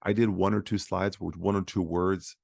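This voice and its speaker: Deep raspy-fry guy doing a motivational solo podcast, dry close mic, lots of uhs. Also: little pitch movement, moderate pace, darkish tone, no room sound. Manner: conversational, many fillers and restarts. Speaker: podcast host, physical therapist.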